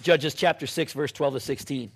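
A man preaching a sermon in a chatty storytelling way, full of "you know" and "like", and dropping to a hush now and then. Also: a little high, moderate pace, creaky, breathy edge. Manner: conversational storytelling with many fillers, sudden drops to a hush.

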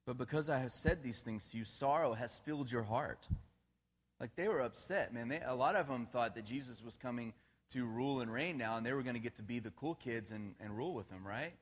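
A man preaching a relaxed, conversational sermon, often checking in with his listeners and laughing at his own jokes. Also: mid-range voice, fairly quick. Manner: casual, asks the congregation questions, laughs at his own jokes.

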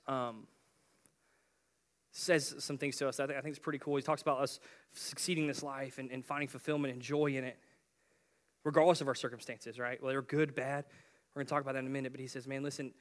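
A man's voice: mid-range voice, fairly even intonation, a little fast, long pauses. A young man preaching a casual youth sermon in a chatty way, with slang and frequent restarts.

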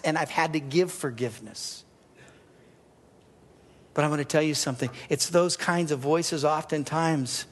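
A middle-aged man preaching a sermon, telling a personal story and swinging between loud and hushed. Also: on the high side. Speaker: pastor. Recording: reverberant hall.

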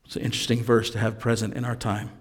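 A man's voice: on the low side, flat delivery, quick pace, husky, big-room sound. A man preaching a conversational sermon, reading scripture aloud and then explaining it with casual asides. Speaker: pastor.

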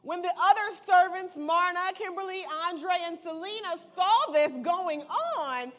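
A woman with a high voice preaches in a relaxed, conversational way. She reads the Bible passage aloud, then retells it playfully in everyday slang. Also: a little slow. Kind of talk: casual sermon with Bible reading.

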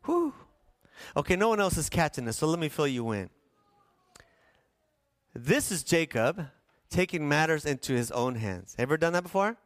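A man preaching a sermon in a slightly higher voice, telling a scripture story with playful asides and asking the congregation questions. The sound is close and dry, with little room echo. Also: very animated, normal speed, long pauses. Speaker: pastor.

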